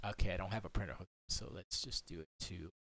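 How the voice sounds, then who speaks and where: A man's voice: low-pitched, fast, a bit bright. A young man chatting casually on a livestream from his home studio, rambling and muttering to himself as he works on his computer. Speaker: livestream host.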